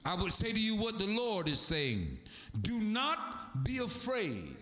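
A man's voice: sits high, big pitch swings, slow, pushed and bright, roomy sound. A man preaching a sermon, calling to the congregation for responses and breaking into song.

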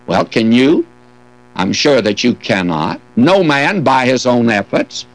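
An older man leads a verse-by-verse scripture lesson. His pitch moves up and down a lot as he reads old King James wording aloud. He breaks in with folksy, gently humorous asides. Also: very animated, slow pace, low-quality recording. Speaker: Bible teacher. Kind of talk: expository Bible teaching.

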